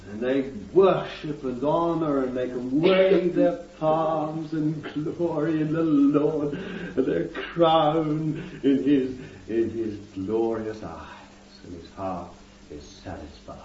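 A man's voice: fairly high pitch, mellow, slight background noise. A man preaching a fervent sermon, calling his listeners beloved and breaking in with amen and hallelujah. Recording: dull distant recording in a roomy hall.

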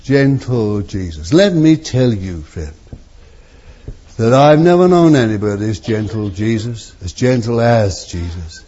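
A man preaching a sermon with fervour, his voice moving from near hushes to strong, drawn-out exclamations. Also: lowish voice, lively intonation, muffled recording. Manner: fervent, swinging from soft to loud, drawn-out phrases.

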